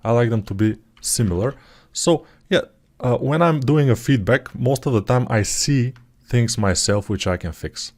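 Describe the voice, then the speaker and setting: A man talking through his 3D sculpting work in a live tutorial, thinking aloud in a relaxed, self-deprecating way, with typing heard behind him. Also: mid-range voice, moderate pace. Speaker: 3D artist tutor.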